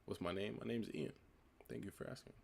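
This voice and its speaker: A nineteen-year-old man hosts a casual livestream, reading viewers' comments aloud and answering them in a relaxed way. His voice sits low and carries a gravelly, fry-heavy edge. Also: brisk, a little hiss or hum. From United States. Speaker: livestream host. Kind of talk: casual live-stream chat answering comments.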